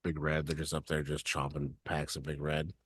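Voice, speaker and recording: A man co-hosting a podcast, chiming in with relaxed short reactions and jokes. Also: rumbling low, moderate pace, husky. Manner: laid-back short reactions and quips. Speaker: podcast co-host. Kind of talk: casual chat.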